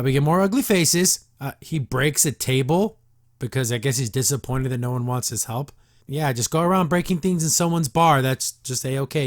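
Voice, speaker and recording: A man with a voice a bit higher than most men's picks apart a cartoon episode in casual podcast commentary. He sounds sarcastic and exasperated and mocks what he is watching.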